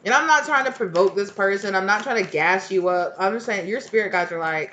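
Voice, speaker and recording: A woman's voice: mid-range voice, a little fast, sharp tone, muffled recording, a little hiss or hum. A woman giving a casual tarot reading to her viewers, chatty and blunt, swearing freely and rambling as she goes. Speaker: tarot reader.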